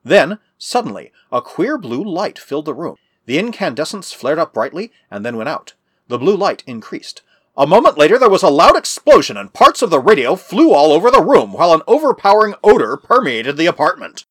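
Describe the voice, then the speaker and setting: A man narrating an adventure story in a measured, expressive reading. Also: a little high, husky, no room sound, clean studio sound. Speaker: audiobook narrator.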